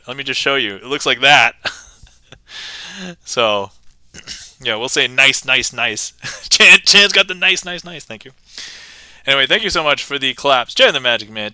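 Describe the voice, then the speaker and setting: A man streams from a home setup with a very bright, crisp voice, joking loosely as he narrates card tricks. He laughs often and reads viewer comments aloud. The sound is dry and close, with no room echo. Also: medium pitch. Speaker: magic livestreamer. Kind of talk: casual live-stream chat while performing card tricks.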